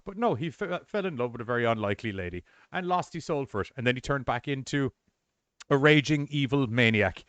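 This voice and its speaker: A man's voice: mid-range voice, animated, a little fast, a bit bright, clear, resonant tone, dry recording. A man co-hosting a casual podcast chat, recapping a show in a rambling, profane, sarcastic way. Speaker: podcast co-host.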